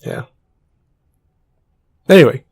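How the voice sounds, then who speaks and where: A man's voice: takes it slowly, no echo. A young man co-hosting a casual podcast, teasing his co-host and steering the segments. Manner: playful, teasing, runs the segment.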